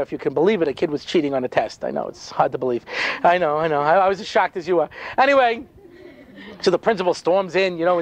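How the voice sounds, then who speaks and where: A rabbi giving a humorous storytelling talk, full of dry sarcasm and frequent "you know" asides. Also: male voice, high voice.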